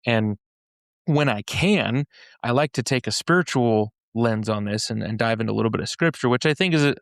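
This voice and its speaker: A man with a gravelly, fry-tinged voice talks through a scripture story in a casual podcast conversation. He retells it in loose everyday slang and often trips into restarts. The sound is close and dry, with no room around it. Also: mid-range voice, fairly quick, dry recording. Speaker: podcast speaker explaining a faith-based framework. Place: podcast studio in Utah.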